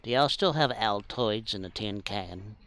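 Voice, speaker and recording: A man's voice: lowish voice, measured pace, a bit bright. A man streaming a space game, chatting casually in a rambling, joking way full of fillers. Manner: rambling, jokey, filler-heavy. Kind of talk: casual gameplay commentary.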